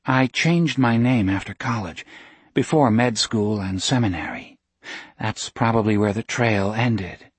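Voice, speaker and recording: A man voicing a soft-spoken woman missionary. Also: fairly low pitch, breathy edge, no room sound. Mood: calm. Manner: soft, slow, every syllable weighed.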